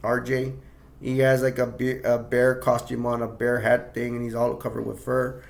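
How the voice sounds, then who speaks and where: A man's voice: medium pitch, monotone, normal speed, vocal fry. A man casually recapping a horror film scene by scene, rambling with many restarts. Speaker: movie reviewer.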